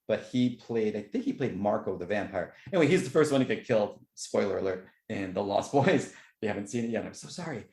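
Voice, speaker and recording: Rambling excitable man, echoey room. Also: fast talker, few pauses. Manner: rambling, excitable storytelling with lively jumps in pitch. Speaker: podcast host. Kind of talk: casual chat.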